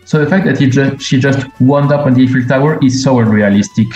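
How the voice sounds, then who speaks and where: A man's voice: mid-range voice, fast, darkish tone, reverberant, dull audio, soft background music. A man from France with a French accent, giving blunt, matter-of-fact commentary as a cultural consultant. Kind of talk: recorded commentary.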